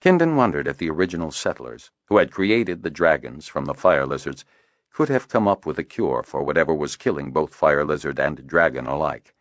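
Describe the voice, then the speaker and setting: A man narrating a fantasy audiobook in a measured storytelling manner. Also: rumbling low, animated, no room sound, lo-fi sound. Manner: measured storytelling, varied intonation. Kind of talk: scripted narration.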